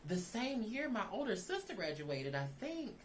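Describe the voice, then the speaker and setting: A woman's voice: mid-range voice, big pitch swings, moderate pace, slight background noise, low-quality recording. A young woman, chatting animatedly to viewers in a casual storytime. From Southern United States. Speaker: vlogger.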